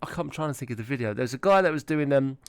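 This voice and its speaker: This podcast host, a man in his thirties, speaks in a mid-range voice that is expressive, rapid-fire and smooth. Chatting casually over an online call, he rambles through sweary stories punctuated by frequent laughter, with no room sound audible.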